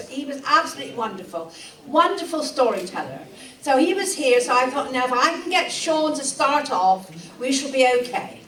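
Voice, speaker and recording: A high-voiced woman with a Cornish accent tells stories in a chatty, laughing way. Her voice rings through an echoey room, picked up from well away from the mic on old archive footage. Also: fairly bright tone, distant mic, a little hiss or hum. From Cornwall. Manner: chatty, laughing between anecdotes. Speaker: storyteller. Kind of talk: live storytelling.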